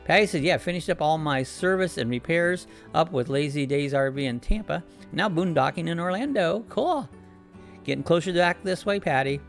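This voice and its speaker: A man's voice: fairly high pitch, lively intonation, moderate pace, vocal fry, faint music behind. A man hosting a casual live-stream chat from his home, rambling along and reading out viewer comments and greetings.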